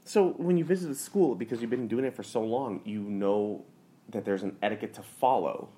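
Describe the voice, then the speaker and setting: A man's voice: on the low side, normal speed, dark tone. A man hosting a casual chat, jokey and loose, laughing often and restarting his sentences.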